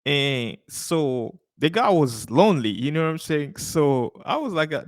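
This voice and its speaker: A man's voice: fairly high pitch, big pitch swings, unhurried, hardly any pauses, dry recording, clean studio sound. A man hosting a podcast and reacting to a clip in loose, chatty commentary, laughing often and full of fillers and restarts. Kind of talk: casual commentary.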